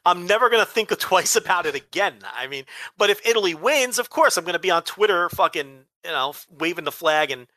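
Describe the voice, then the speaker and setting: A man's voice: high voice, animated, brisk, hardly any pauses, sharp tone, no room sound. A man from New Jersey co-hosting a podcast, ranting sarcastically with plenty of swearing. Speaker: podcast co-host. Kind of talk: casual chat.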